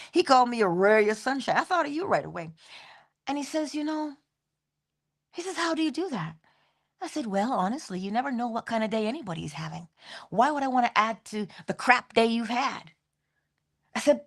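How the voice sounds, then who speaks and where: Middle-aged woman inspirational speaker, animated and expressive, likes rhythmic repeated phrases. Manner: animated, swoops high in pitch, laughs often. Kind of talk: spiritual motivational talk.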